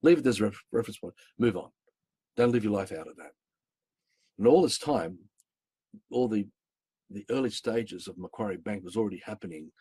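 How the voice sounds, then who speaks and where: Husky man telling a spiritual story. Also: fairly low pitch, normal speed, pauses often, no echo. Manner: rambling, emphatic, swears when excited. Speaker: storyteller recounting spiritual experiences. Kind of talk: personal testimony, casual.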